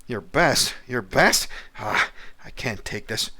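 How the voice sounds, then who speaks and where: A man's voice: mid-range voice, moderate pace, sharp tone, close to an everyday voice. A man voicing a fussy, melodramatic theatre director who is exasperated with his actors.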